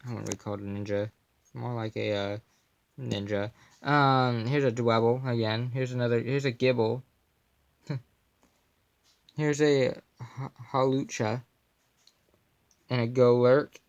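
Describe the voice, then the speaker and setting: A young man walks through his card collection in a loose, joking way, tossing in puns and quiet mumbled asides. He talks slowly and takes his time, and his voice has a gravelly, fry-laced edge. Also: mid-range voice, lo-fi sound. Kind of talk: casual off-camera commentary.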